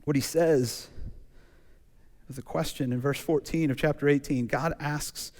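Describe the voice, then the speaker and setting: A man preaching a sermon in a relaxed, conversational way, telling stories and acting out quotes. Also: fairly high pitch, unhurried. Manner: conversational, animated storytelling with acted quotes. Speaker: pastor. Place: church sanctuary. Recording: church hall reverb.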